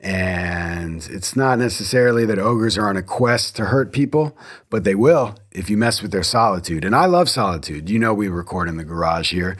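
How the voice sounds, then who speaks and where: A man's voice: lowish voice, lively intonation, moderate pace. A man in his thirties hosting a casual solo podcast from a home garage, enthusiastic and rambling, often restarting his sentences. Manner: enthusiastic, rambling, self-correcting. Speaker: podcast host.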